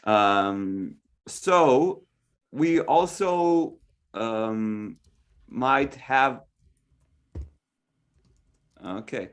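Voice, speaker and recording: A man explaining the rules of an improv game on stage, slow and hesitant with lots of pauses. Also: mid-range voice, animated. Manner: slow, hesitant, full of ums. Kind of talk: live improv comedy. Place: small theater stage.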